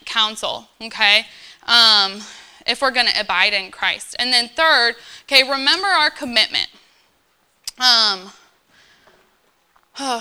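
A woman in her thirties preaches casually to young believers in a fairly high, very bright, sharp voice. She is earnest and chatty, full of fillers, and keeps checking in with her listeners. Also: clear, resonant tone. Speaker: church speaker. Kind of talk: informal sermon to young believers.

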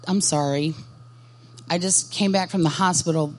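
A woman voicing a newly widowed father who speaks in a halting, hushed way. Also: on the low side, fairly even intonation, close to an everyday voice. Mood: stunned grief. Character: grieving young father, stunned and lost.

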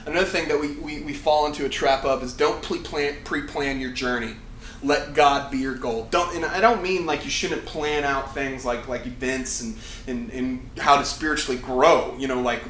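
A man's voice: medium pitch, a bit bright, a little hiss or hum. A young man preaching a casual sermon to a campus ministry, often restarting and correcting himself. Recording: echoey room with faint ambience.

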